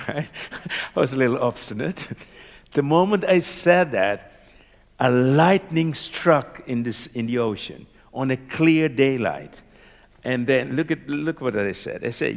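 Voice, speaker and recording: A man from Curaçao recounts a personal story in an animated way, breaking into laughter and checking that his listener is following. His voice is mid-pitched and carries a long, reverberant tail from the room. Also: unhurried, creaky. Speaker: doctor.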